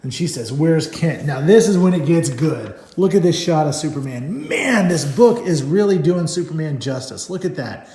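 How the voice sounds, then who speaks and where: A man's voice: a little high, sing-song, normal speed, few pauses, dark tone. A middle-aged man casually paging through a comic and talking about it, rambling and enthusiastic, with many fillers. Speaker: comic book reviewer. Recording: echoey room.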